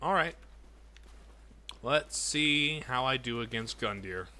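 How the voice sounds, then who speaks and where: A man's voice: mid-range voice, lively intonation, slow pace, pushed and bright. A young man streaming a video game, chatting casually and reacting aloud as he plays, with faint game music behind him. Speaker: gaming streamer. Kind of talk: casual gameplay commentary.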